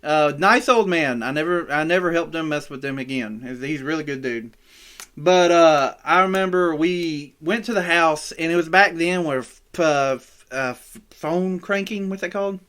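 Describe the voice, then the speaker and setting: Bright-voiced man, rambling podcast storyteller, stumbles and swears, casual. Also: fairly high pitch, moderate pace, clear, resonant tone. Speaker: podcast co-host. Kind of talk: casual chat.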